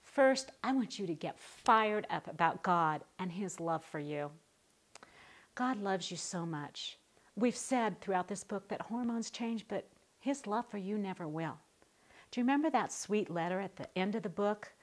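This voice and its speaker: A middle-aged woman teaching a recorded Bible study lesson to a women's group, warm and encouraging in a conversational way. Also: medium pitch, lively intonation, moderate pace.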